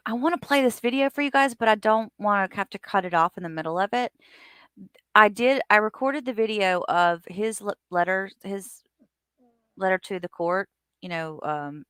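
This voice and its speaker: A woman's voice: fairly low pitch, a bit bright, clear, resonant tone, dry recording, clean studio sound. Chatty woman hosting a livestream. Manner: chatty, greets viewers by name. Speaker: livestream host. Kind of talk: casual livestream chat reading viewer comments.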